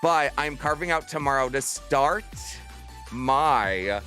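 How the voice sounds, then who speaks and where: A man's voice: mid-range voice, lively intonation, takes it slowly, bright, forceful tone, faint music behind. Bubbly, theatrical man streamer in his thirties. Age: 30s. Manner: bubbly and theatrical, bursts into playful screams. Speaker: livestreamer. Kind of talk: casual livestream chat with viewers.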